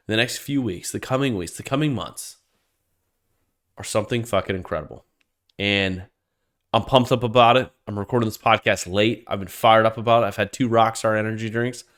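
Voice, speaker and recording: A man's voice: on the low side, fairly bright tone. A man hosting a solo podcast rant, heated and profane, swearing freely and tripping over restarts as he gets worked up. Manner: restarts and repeats words when worked up. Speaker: podcast host.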